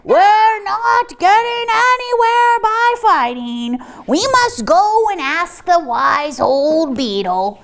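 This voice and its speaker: A woman's voice: extremely high pitch, animated, takes it slowly, hardly any pauses, voice pushed up, full character voice. A woman voicing the male chief frog of a pond, formal and commanding, in a children's story read aloud. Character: self-important male chief frog, loud.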